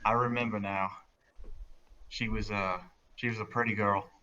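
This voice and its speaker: A man voicing a male adventurer in a put-on accent, with a slow, halting drawl. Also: lowish voice, flat delivery, bright, forceful tone, recorded from a distance, highs cut off, a little hiss or hum. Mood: sheepish.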